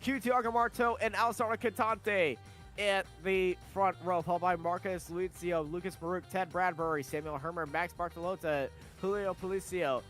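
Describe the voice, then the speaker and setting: A man commentating a sim race, calling qualifying and reading off the starting grid in brisk play-by-play. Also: on the high side, fairly bright tone.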